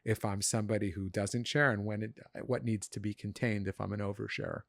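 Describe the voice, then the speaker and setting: A man's voice: fairly low pitch, little pitch movement, a little fast, gravelly, no echo, studio quality. A man who is a psychologist and podcast guest, explaining ideas thoughtfully with frequent repeated words. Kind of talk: casual conversation.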